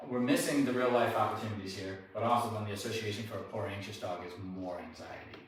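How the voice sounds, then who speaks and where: A man's voice: on the low side, quick pace, few pauses. Man dog trainer in a very echoey room. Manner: relaxed, explanatory, conversational. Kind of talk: hands-on training demonstration. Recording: very echoey room, distant mic, faint noise.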